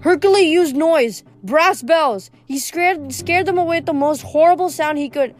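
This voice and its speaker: Storybook line: woman reading a sharp teen heroine calling out orders, voice pushed high. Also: moderate pace, faint music behind, natural voice. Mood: urgent.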